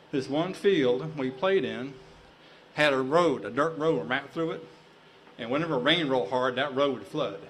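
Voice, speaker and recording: A man's voice: medium pitch, slight background noise, rough recording. Folksy man spinning a tall tale. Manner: folksy, drawling, building to excited shouts. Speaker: storyteller. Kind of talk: tall-tale storytelling to an audience.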